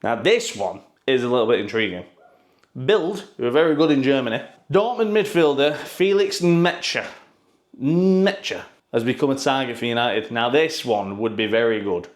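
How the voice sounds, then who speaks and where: A man's voice: medium pitch, animated, normal speed. A man giving casual, sarcastic football news commentary, full of swearing and mocking asides.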